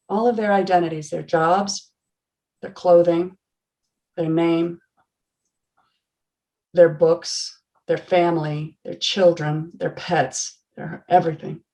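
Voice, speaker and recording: A woman in her forties, a yoga teacher, telling an earnest, animated story on a video call with laughs and restarts. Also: on the low side, slow pace, pauses often.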